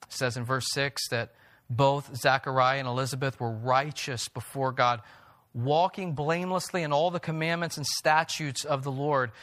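A man's voice: fairly high pitch, fairly bright tone. A male pastor preaching a sermon to his congregation. He talks earnestly and builds to emphatic peaks.

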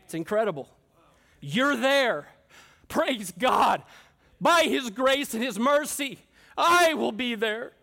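A man's voice: very high voice, animated, takes it slowly, creaky, long pauses, sharp tone. A man preaching a sermon, fervent and emphatic, speaking straight to his listeners. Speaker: pastor.

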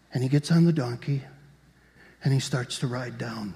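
A man's voice: mid-range voice, steady tone, normal speed, vocal fry, dark tone. A man preaching a sermon as a pastor, telling the story vividly and asking the congregation rhetorical questions. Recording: long reverb of a large hall.

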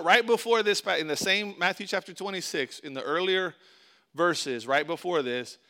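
A man delivers a sermon in a relaxed, conversational manner, putting questions to his listeners and driving points home through repetition. His voice sits a bit high for a man, bright and ringing. It comes across smooth and clear. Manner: conversational preaching, asks the congregation questions, emphatic repetition. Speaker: pastor.

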